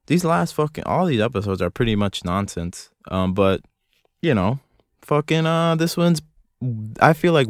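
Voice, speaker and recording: A man's voice: medium pitch, no room sound, clean studio sound. A young man hosting a solo podcast from a closet, rambling in a profane, self-mocking, jokey way. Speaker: podcast host. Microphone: close studio mic.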